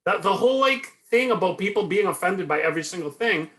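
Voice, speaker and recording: A man's voice: high-pitched, animated, fast talker, a bit bright. A man co-hosting a podcast, talking loosely with many fillers in casual chat. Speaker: co-host. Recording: echoey room.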